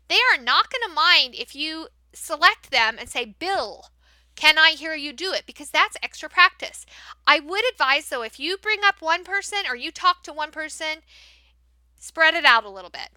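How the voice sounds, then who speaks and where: A woman teacher demonstrating how to run a class for young learners, switching between explaining to other teachers and modeling big, excited praise for kids. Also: sits high, no room sound. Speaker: teacher trainer. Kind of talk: training demo, modeling classroom talk.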